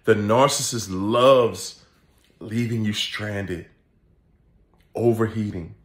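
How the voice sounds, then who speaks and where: Man, vlog host, laughing, animated storytelling, echoey indoor room. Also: fairly low pitch, slow. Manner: laughs often, animated, acts out quoted voices. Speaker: channel host and coach. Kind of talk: casual comedic vlog rant.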